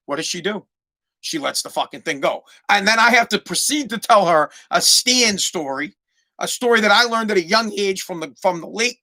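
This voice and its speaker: High bright-voiced ranting podcast man. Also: vocal fry. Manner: heated, swearing, repeats words when stumbling. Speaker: podcast host. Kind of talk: casual profane rant.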